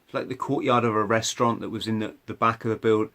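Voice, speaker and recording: A man's voice: on the low side, fairly even intonation, fast talker, bright, forceful tone. A man hosting a podcast, telling a personal story conversationally, with restarts and frequent "right?" asides. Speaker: podcast host.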